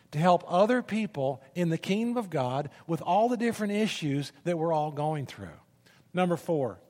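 High-voiced preacher in a reverberant hall. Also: male voice. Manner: dramatic, rising to loud bursts when reading scripture. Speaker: pastor. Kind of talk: sermon.

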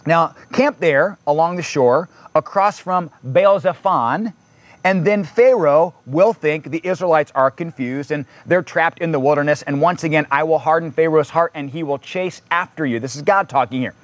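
A man's voice: on the high side, normal speed, no room sound. A man preaching a sermon in a conversational way, reading scripture aloud and adding casual asides. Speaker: pastor.

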